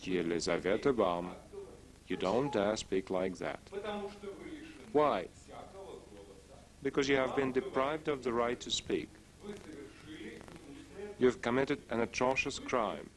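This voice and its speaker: A man voicing every role of a stage play in a single dubbed voice, trading quick lines. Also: medium pitch, a crowd in the background. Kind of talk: single-voice dubbed theater dialogue.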